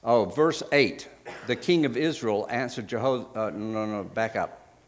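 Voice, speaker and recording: A man preaching a sermon, retelling scripture stories in a casual, conversational way, pausing with fillers and correcting himself as he finds verses. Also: fairly low pitch, in a large hall. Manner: frequent fillers and self-corrections while finding verses.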